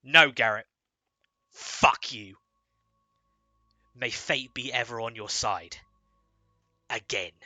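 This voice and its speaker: A man voicing a furious young male lieutenant who shouts and curses, in a tabletop game. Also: mid-range voice, a little slow, pauses often, no echo, faint music behind. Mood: enraged. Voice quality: shouting, strained.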